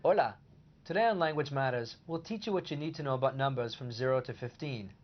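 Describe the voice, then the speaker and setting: A man co-hosting a short scripted language lesson, explaining points in a steady way. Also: mid-range voice, fast talker, dull audio. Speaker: language teacher co-host.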